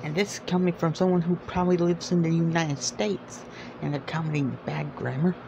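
A man's voice: a little high, steady tone, fairly quick, gravelly, dull audio, noisy background. A young man making a casual vlog, reading viewer comments aloud in an exasperated way. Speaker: YouTuber.

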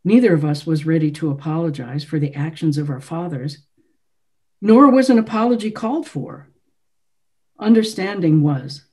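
Mellow-voiced woman author reading. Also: low-pitched, normal speed. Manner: first-person literary narration. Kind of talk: reading her novel aloud.

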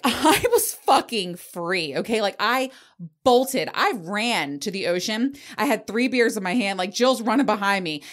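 A woman around forty hosting a podcast, telling a story in casual chat, candid, swearing freely and laughing as she goes. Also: medium pitch. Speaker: podcast host.

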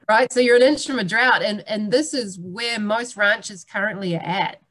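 A woman's voice: mid-range voice, moderate pace, few pauses. Chatty New woman giving a talk. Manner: lively, chatty, jokes with the audience. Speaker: soil health speaker. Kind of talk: conference presentation.

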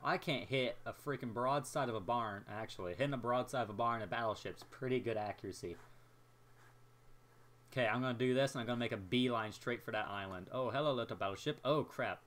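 Young male gameplay commentator, mid-range voice; excitable, self-mocking running chatter. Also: mid-range voice, a little fast. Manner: excitable, jokey, talks to himself while playing.

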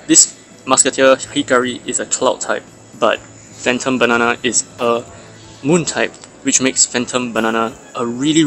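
A man's voice: mid-range voice, a bit bright. A man hosting a mobile game channel, chatting casually and analytically about characters and stats, with fillers and restarts.

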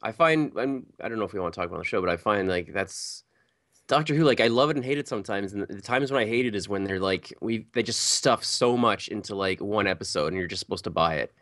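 Man, guest voice actor, casual chat, lively swinging pitch, bright tone. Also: quick pace, dry recording, studio quality.

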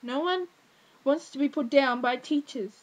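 Talking to camera, a teenage vlogger rants in an exasperated, rambling way, packing in fillers. She has a high voice and keeps a measured pace; the low-quality recording carries slight background noise.

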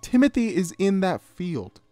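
A man voicing an anxious teenage farm girl who calls and shouts urgently across a yard. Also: medium pitch, very animated, normal speed, dry recording, faint music behind, lightly acted. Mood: panicked shouting.

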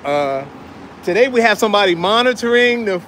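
A man hosts a casual walk-and-talk vlog, upbeat and talking straight to viewers he calls y'all as he moves through a city street and into a restaurant. His high voice is a bit bright, fairly quick and lively, with slight background noise.

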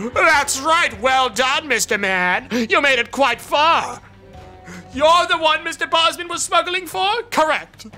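A man's voice: very high voice, sharp tone, full character voice. A man doing a pompous villain mayor. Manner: grandiose, speechifying. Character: pompous scheming male city mayor, villain. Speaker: streamer voicing a game's dialogue.

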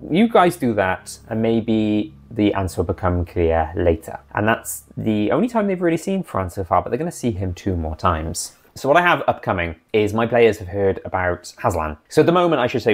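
Man, deep voice, dungeon master, chatty campaign recap.

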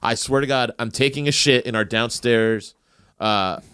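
A man's voice: mid-range voice, moderate pace, sharp tone, smooth, no echo, clean studio sound. A man from New Jersey telling a long, profane anecdote on a podcast, loose and rambling with lots of fillers. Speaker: podcast panelist. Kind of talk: casual podcast storytelling.

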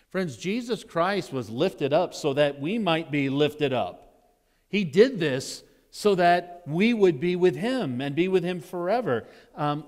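Man, pastor from Nevada, preaching with animated storytelling, somewhat high voice, echoing church hall. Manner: animated storytelling, swings from loud exclaims to hushed asides. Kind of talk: sermon. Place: church sanctuary with congregation. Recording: long hall reverb in a church.

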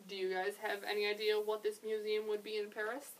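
A young woman, a children's librarian, reading a picture book aloud in a gentle, expressive way with chatty asides. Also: medium pitch, a little fast, far from the mic, poor audio.

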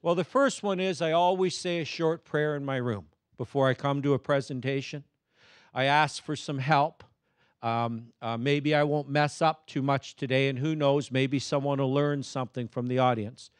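A middle-aged man giving a lively, humorous keynote presentation to a live audience, often calling on the crowd to answer him. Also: medium pitch, normal speed, clean tone, dry recording. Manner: energetic, humorous, prompts audience responses. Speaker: motivational speaker.

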